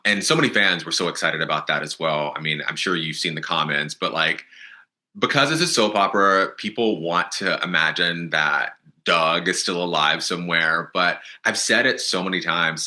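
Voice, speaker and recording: Very deep-voiced, bright-toned male host. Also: normal speed. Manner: chatty, conversational interviewer. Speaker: podcast host. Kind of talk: podcast interview.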